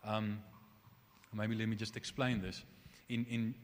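Animated male preacher in a reverberant hall. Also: fairly low pitch, a little slow. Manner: conversational, animated preaching with restarts and asides. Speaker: pastor. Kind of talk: sermon.

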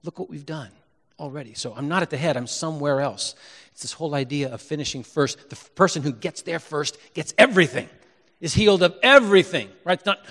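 A middle-aged man preaching a sermon in church, reflective, often repeating phrases and swinging from loud emphasis to hushed asides. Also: on the high side, long reverb tail. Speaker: pastor.

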